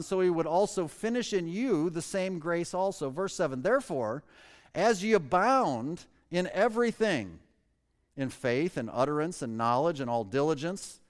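A pastor preaching a conversational sermon, asking the congregation questions and reading scripture slowly before explaining it in plain words. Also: male voice, on the high side, long reverb tail.

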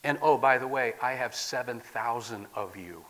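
Preacher with big swings from loud to soft. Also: male voice, medium pitch, moderate pace. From Midwest US. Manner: swings from loud declaiming to soft near-whispers. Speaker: guest pastor. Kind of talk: sermon. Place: church sanctuary. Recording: long hall reverb.

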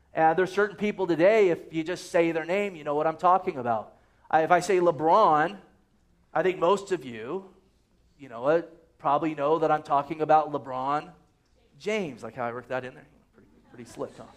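Male pastor, easygoing joking sermon delivery, reads verses aloud, voice pitched a bit high. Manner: conversational and joking, quotes scripture often.

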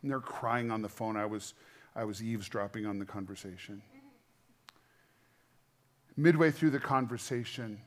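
A middle-aged man preaching a sermon as pastor, earnest and conversational, shifting between quiet, intimate moments and louder emphasis. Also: on the low side, moderate pace, pauses often.

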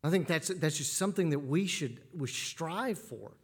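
A man's voice: fairly high pitch, animated, normal speed, slightly rough. A man preaching a sermon as pastor, earnest and given to repeating words as he starts a phrase.

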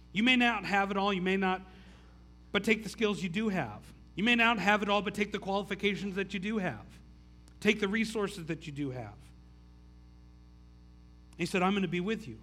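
Pastor, male, high and bright tone, casual sermon with stumbling restarts. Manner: casual, stammering restarts, frequent "like". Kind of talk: conversational sermon.

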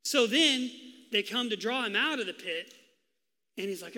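Bright-voiced pastor preaching in a hall. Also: male voice, high-pitched, normal speed, long pauses. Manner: animated storytelling, acting out voices in quotes. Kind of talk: sermon.

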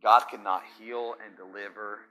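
A pastor preaches a sermon in a fairly low, steady voice at normal speed. He swings from hushed intensity to shouting and quizzes his congregation with call-and-response questions.

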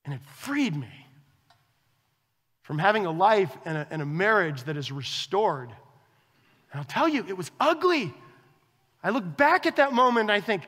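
A man preaching a sermon as a pastor, conversational and animated, acting out quoted dialogue with his wife. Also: very high-pitched, normal speed, long pauses, long reverb tail.

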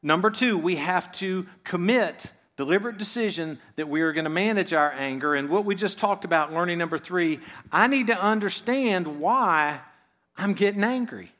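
Man preaching in a soft, conversational tone. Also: high-pitched, animated, normal speed. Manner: conversational, drops voice softly on phrase ends, asks rhetorical questions. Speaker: pastor. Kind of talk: sermon. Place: church.

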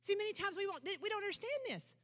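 During a church service, this woman pastor preaches animatedly and quickly. Her loud proclamations give way to low, intense asides, and she leans on emphatic declarations and rhetorical questions.

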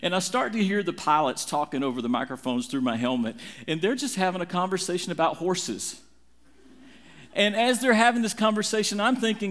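A middle-aged man preaching a sermon, telling a story with dramatic, animated swings in his voice. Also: normal speed. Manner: animated, dramatic retelling with big swings in pitch. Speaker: pastor.

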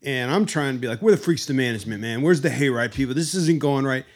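Animated male podcast host telling stories. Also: medium pitch, fast. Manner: animated, acts out scenes with funny imitations. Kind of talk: casual storytelling chat.

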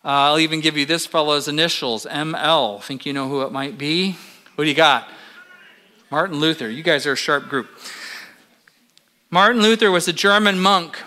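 A man preaching a sermon in a relaxed, conversational way, with frequent fillers, pausing to quiz the congregation. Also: a little high.

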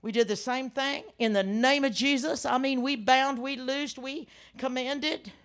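An older woman preaching a sermon, telling stories with animated emphasis and frequent laughs. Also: sits high, a little slow. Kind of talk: sermon with storytelling.

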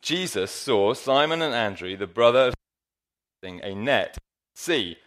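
Male pastor, bright voice, jokey sermon delivery on a handheld mic in church. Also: medium pitch, lively intonation, slow. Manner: playful, jokey, addresses the congregation directly. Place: church hall.

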